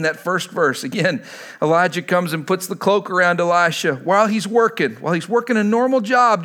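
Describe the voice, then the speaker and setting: A male pastor preaching a sermon to his congregation, emphatic and shifting between loud and hushed delivery. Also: a little high.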